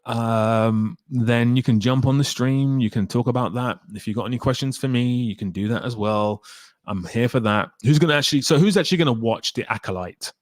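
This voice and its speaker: A man's voice: mid-range voice, brisk, no echo, clean studio sound. Chatty man hosting a film stream. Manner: rambling, talks straight to chat viewers by name. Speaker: film talk live stream host. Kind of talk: casual live stream chat.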